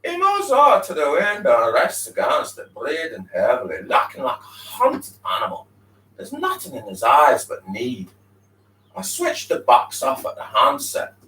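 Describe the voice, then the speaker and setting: A man reading a novel aloud, giving the characters expressive dialect voices. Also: mid-range voice, normal speed. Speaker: reader. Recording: roomy, distant mic.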